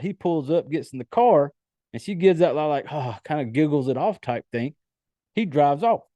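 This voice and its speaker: Male podcast host, casual film recap, cusses freely; higher-pitched, warm tone, dry close sound. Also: no room sound. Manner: loose, profane storytelling with many fillers. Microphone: home computer setup.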